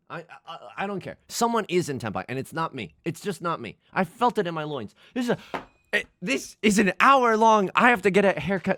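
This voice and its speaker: A man's voice: sits high, very animated, a little fast, bright, forceful tone, faint music behind. A young man hosting a let's play, chatting casually and mock-outraged at his luck in a self-deprecating way. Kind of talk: casual gameplay commentary.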